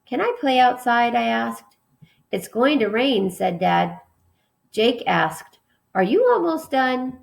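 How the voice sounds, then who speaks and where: Creaky-voiced woman teaching a class. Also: medium pitch. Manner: reads example sentences aloud with emphasis. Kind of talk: remote classroom lesson.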